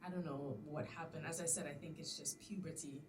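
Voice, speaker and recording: A young woman in her twenties, a teacher, telling an animated story on a casual podcast, quick to laugh and act out what people said. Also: sits low. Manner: animated storyteller, laughing often, acting out quotes. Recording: distant mic with noticeable background noise.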